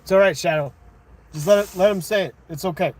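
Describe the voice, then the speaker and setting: A man hosting a livestream, casually chatting and arguing with viewers in chat, thinking out loud. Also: sits high, fast. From United States. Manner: conversational, argumentative with chat, thinking aloud. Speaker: livestream host.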